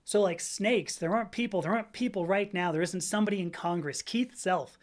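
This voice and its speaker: A woman's voice: fairly low pitch, fairly quick, hardly any pauses. A woman hosting a stream, giving casual commentary in a sarcastic, exasperated way. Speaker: host, academic speaker.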